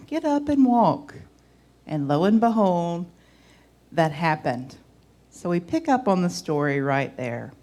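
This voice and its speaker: Slow Southern woman preacher. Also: fairly low pitch. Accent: Southern American. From Southern United States. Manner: homey, warm storytelling with folksy asides. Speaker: church vice-chair giving a reflection. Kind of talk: reflective sermon with scripture reading.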